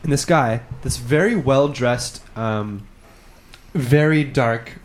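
A man's voice: medium pitch, slow pace, a little hiss or hum. A man in casual podcast chat, telling rambling anecdotes and doing voices for other people. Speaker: podcast co-host.

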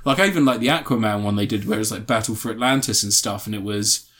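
A British man in casual chat, animated and laughing often as he recaps scenes, swearing freely. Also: lowish voice, fast. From Britain.

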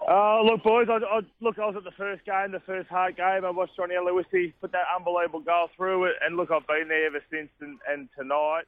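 Male caller, fairly high voice, boastful, excitable, trips over restarts. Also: fairly quick, few pauses, dry recording, narrow, tinny audio. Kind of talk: fan calling in to sports radio.

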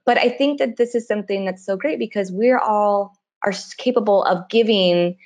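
A woman's voice: medium pitch, moderate pace, highs cut off. Gushing woman podcast host. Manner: gushing, warm-hearted and animated. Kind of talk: casual podcast conversation.

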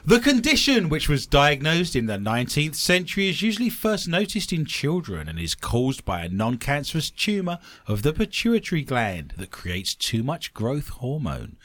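A man's voice: a little high, normal speed, hardly any pauses. A man hosting a comedic podcast, joking and reading odd news stories aloud. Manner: jokey, animated, reads news stories aloud. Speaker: podcast host.

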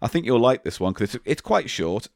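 A man's voice: mid-range voice, very animated, brisk, creaky, a little mellow, no echo, clean studio sound. A British man co-hosting a casual comedy podcast, sweary and exasperated, reading aloud from a book between banter. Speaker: podcast co-host.

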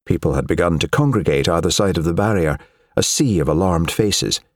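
Deep-voiced male audiobook narrator. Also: brisk, a little mellow, no room sound, studio quality. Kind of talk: scripted narration.

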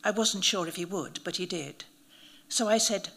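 A woman reading a first-person story aloud, in measured, vivid audiobook narration. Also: mid-range voice, vocal fry, a bit bright.

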